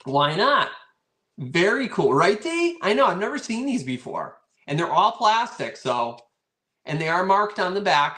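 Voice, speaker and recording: A man's voice: on the high side, a bit bright, reverberant. A man hosting a live online vintage sale, chatty and playful, greeting viewers by name as he shows each item. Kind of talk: live online auction selling.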